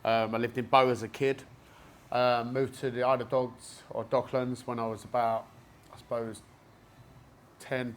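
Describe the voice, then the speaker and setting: A man's voice: mid-range voice, slight background noise. A man with a Cockney accent from East London, a gym owner telling his story in a casual podcast interview, chatty and rambling. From East London, England. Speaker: gym owner and jiu-jitsu black belt guest. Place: basement martial arts gym.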